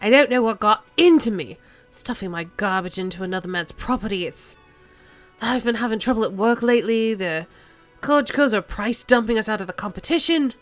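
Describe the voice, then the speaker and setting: A man's voice: high-pitched, brisk, faint music behind, close to an everyday voice. A woman voicing a nervous middle-aged man in a game who answers a detective's questions with defensive politeness.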